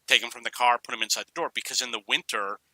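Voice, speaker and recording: A man's voice: medium pitch, fast talker, bright, forceful tone, no room sound, rough recording. A middle-aged man from New York casually telling rambling personal stories, drifting off on tangents. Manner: rambling, digressive, anecdotal. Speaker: storyteller.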